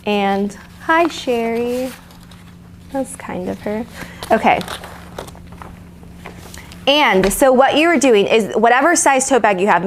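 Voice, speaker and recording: A woman's voice: a little high, slight background noise. A woman leading a live lettering lesson, chatty and encouraging, with fillers and restarts. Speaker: art instructor.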